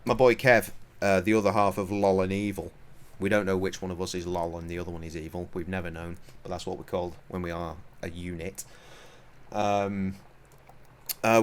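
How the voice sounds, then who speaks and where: A man's voice: low voice, a little hiss or hum. A young man streaming a video game, rambling and swearing in a self-mocking, casual way. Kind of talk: casual gameplay commentary.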